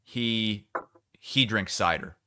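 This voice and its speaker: A man co-hosting a sports podcast, chatting casually, teasing his co-host and asking quick questions. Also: lowish voice, pushed and bright, clean tone, dry recording.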